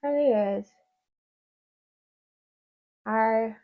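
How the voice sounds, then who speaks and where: A woman's voice: a little high, very slow, phone-quality sound. A woman beauty vlogger chatting casually while doing her makeup, rambling with lots of "like" fillers and playful asides.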